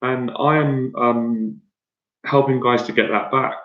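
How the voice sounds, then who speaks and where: In a slow, steady, medium-pitched voice, a man working as a dating coach motivates an audience. He's blunt and meandering, often saying things twice or starting over. Echo fills the room, and the sound quality is dull and lo-fi.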